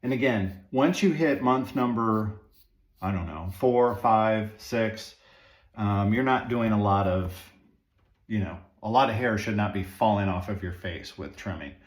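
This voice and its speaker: A man's voice: lowish voice, a little slow. A man casually talking viewers through trimming his own beard at home, rambling with fillers and asides. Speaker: beard-grooming vlogger. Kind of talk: casual how-to talk while trimming. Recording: echoey room.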